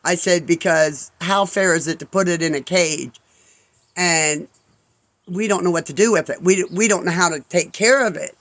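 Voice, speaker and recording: A man's voice: high voice, normal speed, a bit bright, low-quality recording. A man in his fifties telling a casual story in a rambling way, full of asides and acted-out quotes. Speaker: vlogger.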